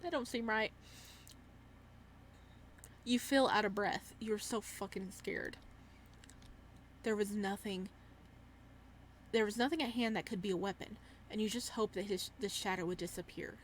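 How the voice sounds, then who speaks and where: A woman's voice: mid-range voice, unhurried, long pauses, slight background noise. A woman reading a horror visual novel aloud for her gaming channel, with dramatic narration and startled, swearing reactions. Her voice sits in a middle register.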